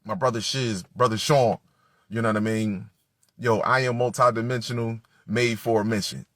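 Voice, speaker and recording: A man giving an impassioned, profane preaching monologue that builds to shouting. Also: mid-range voice, steady tone, normal speed, dry recording, clean studio sound. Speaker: spiritual speaker.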